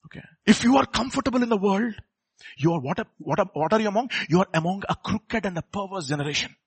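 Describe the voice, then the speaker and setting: A man preaching a sermon, firing rhetorical questions at the congregation and swinging from quiet asides to loud, emphatic peaks. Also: sits high, expressive, fast, slightly rough, no echo.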